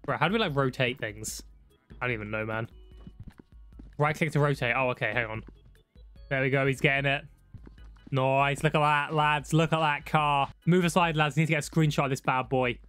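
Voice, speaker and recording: Young guy yapping over a driving game, bright voice, faint music behind. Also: mid-range voice, moderate pace, long pauses. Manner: excitable, shouts when startled, laddish banter. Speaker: gaming YouTuber. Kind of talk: casual gameplay commentary.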